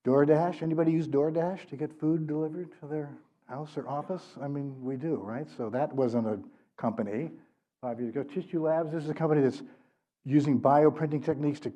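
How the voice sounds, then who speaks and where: Speaking fairly quickly in a fairly high, dark-toned voice, an older author addresses a public audience in a library event room. His manner is conversational, with frequent "right?" check-ins, captured in a slightly dull recording.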